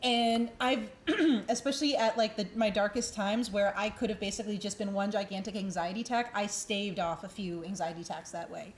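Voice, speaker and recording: A woman's voice: mid-range voice, brisk, slight background noise. A woman co-hosting a podcast in casual chat, candid and swearing lightly as she speaks, then handing over to her co-host.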